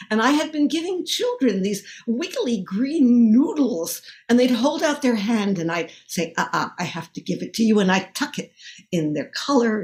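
A woman storyteller telling a story at a live event, lively and acting out the voices of the people she quotes. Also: mid-range voice.

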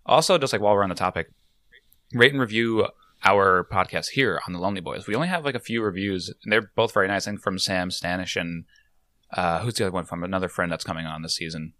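Male podcast co-host, low pitch, sharp bright tone, upbeat chatty delivery, dry close mic. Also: fast, no room sound. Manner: upbeat, laughs easily. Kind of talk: casual podcast chat.

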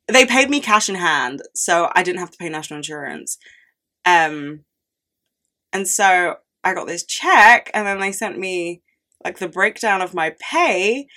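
Her voice is fairly low, bright and forceful as this early-twenties woman runs her solo podcast. Casual chat gives way to frequent swearing and dramatic, ranting outbursts.

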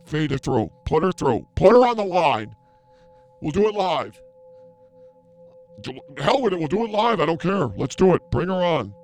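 A man's voice: medium pitch, moderate pace, vocal fry, long pauses, darkish tone, soft background music. A man playing a brash self-declared psychic healer in an improvised comedy bit, talking in a theatrical, blustering way. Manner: over-the-top, theatrical, blustering.

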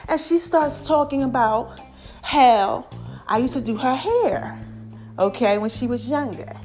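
High, animated woman chatting to listeners. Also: unhurried, faint music behind. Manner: animated, laughing, chatty with slang and call-outs to listeners. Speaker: podcast host. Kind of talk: casual solo podcast monologue.

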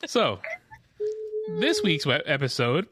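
A man co-hosting a casual podcast, telling stories in a lively, chatty way. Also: a little high, slow pace, over loud music. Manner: animated storytelling, mimics neighbors. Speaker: podcast co-host. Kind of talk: casual chat.

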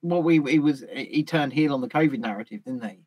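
A man's voice: medium pitch, a little fast, dull audio. A man hosting a casual live-streamed chat over a video call, blunt and teasing, swearing freely. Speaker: host.

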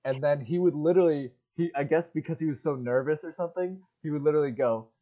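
A young man co-hosting a podcast, telling animated stories in casual chat and acting out his friends' lines. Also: fairly high pitch, quick pace, lo-fi sound. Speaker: podcast co-host.

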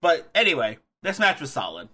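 A young man co-hosting a casual podcast, animated, laughing easily and often restarting his sentences. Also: on the high side, fairly quick. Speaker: podcast co-host.

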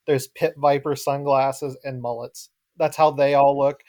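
A man talks casually on a podcast, winding through his thoughts with many fillers. His voice sits at an ordinary middle pitch. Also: flat delivery, a little slow, a little mellow. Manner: rambling, meandering descriptions with many fillers. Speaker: podcast guest. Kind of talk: casual chat.

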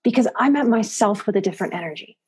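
Quick-paced and husky, this mid-range female voice carries lively intonation. The speaker, a psychotherapist and life coach appearing on a podcast, talks conversationally yet emphatically, repeating words for stress.

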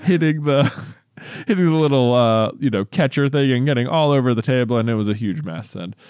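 A man in his thirties tells a story in relaxed conversation, full of fillers, restarts and "like". His voice sits at an ordinary middle pitch. The sound is dry and close to the mic. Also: a little fast, clear, resonant tone, no echo. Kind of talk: casual chat.

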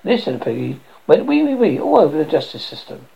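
A woman's voice: sits low, very animated, fast talker, vocal fry, slightly rough, heavily acted. A woman voicing a stubborn, scornful male pig on a jury, ranting at the others. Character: stubborn loud-mouthed male pig juror. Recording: dull lo-fi recording.

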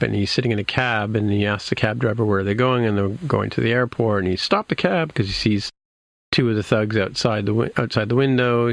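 A man's voice: fairly low pitch, vocal fry, fairly bright tone, no room sound. A man in casual chat, rambling through a recap with many restarts and fillers. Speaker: podcast co-host recapping a TV episode.

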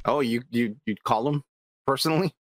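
A man's voice: mid-range voice, fairly quick, dry recording. A man co-hosting a podcast in casual chat, wisecracking in short replies. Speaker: podcast co-host.

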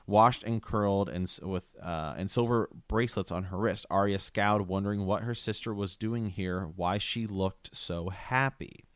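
A man's voice: lowish voice, moderate pace, few pauses, smooth, no echo, clean studio sound. A man reading a novel aloud in a casual book chat, hesitant, with fillers and restarts. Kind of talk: casual book discussion with read-aloud passages.

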